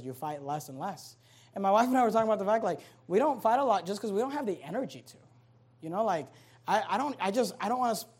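Male pastor mid-sermon: folksy and conversational, punches key lines loudly and drops low for asides. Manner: animated, swings between loud emphasis and quiet asides; reads scripture aloud in King James wording.

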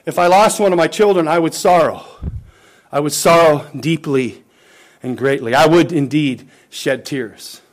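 A man preaching a sermon, impassioned, swinging between loud rising lines and hushed low ones, calling questions out to the congregation. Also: unhurried. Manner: impassioned, rising and dropping to near-whispered lows.

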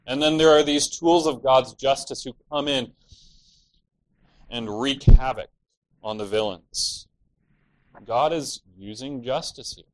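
A man delivers an expository sermon in an earnest, explaining voice of middle pitch. He walks through the scripture point by point and now and then mimics the lament of the wrongdoers. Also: rough recording. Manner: earnest expository preaching, rising to mock the villains' laments. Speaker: preacher.

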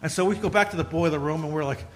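A man's voice: fairly high pitch, racing, a bit bright, a little hiss or hum. A middle-aged man preaching a folksy sermon, talking conversationally through personal stories and building to emphatic points.

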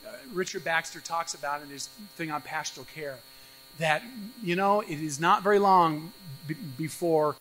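A male pastor preaching an expository sermon, animated, acting out the voices of doubters with sudden jumps in pitch and loudness. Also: moderate pace, slight background noise, rough recording.

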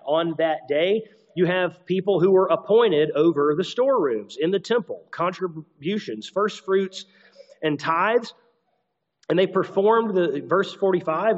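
A man's voice: on the high side, darkish tone, dull audio. A man preaching an expository sermon, reading scripture aloud and adding conversational asides. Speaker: pastor.

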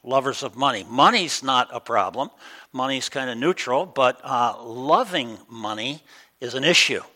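A middle-aged man preaching a sermon in a relaxed, conversational way, with many ums and uhs. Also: mid-range voice, moderate pace, rough recording. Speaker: pastor.

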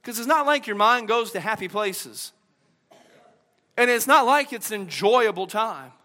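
A male pastor with a drawl delivers a sermon in a high, bright, ringing voice. He swings from loud, soaring exhortation down to quiet, hushed emphasis. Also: lively intonation, unhurried, in a large hall. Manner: dynamic preaching, swinging from loud and high to soft and low.

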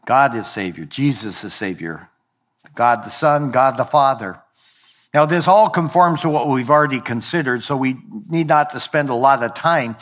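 Preaching in a slightly bright voice, this man takes his time, easing off on key words and dropping his pitch as lines end. He's a pastor who occasionally stumbles over a word and then fixes it.

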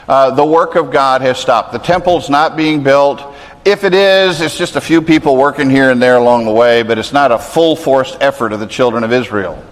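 Pastor, male, mid-pitched, preaching earnestly in a church with long reverb. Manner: earnest, conversational preaching with rising emphasis. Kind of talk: sermon.

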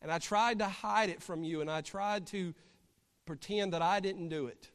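A man's voice: high-pitched, normal speed, a bit bright. A remorseful young boy confessing, as a preacher puts him on. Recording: long hall reverb.

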